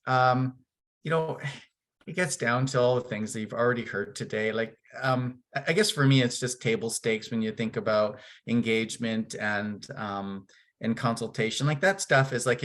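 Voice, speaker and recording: A man's voice: medium pitch, fairly bright tone. A man from Canada speaking on a panel discussion in a casual, candid way, with many fillers and restarts.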